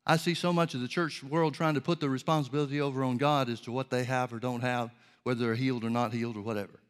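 A man preaching a sermon, teaching in an earnest, measured way and asking rhetorical questions. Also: mid-range voice, fairly even intonation, clean tone.

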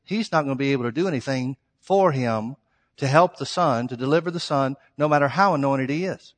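A male pastor with a mid-range, brisk voice preaches emphatically in a church sanctuary, telling stories and acting out quoted exchanges. The recording carries a long hall reverb.

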